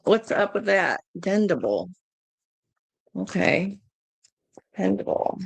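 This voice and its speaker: A woman's voice: mid-range voice, big pitch swings, slow, gravelly, slightly rough, no echo. A woman doing a live tarot reading, thinking aloud in a chatty way, laughing often and swearing casually. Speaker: tarot reader.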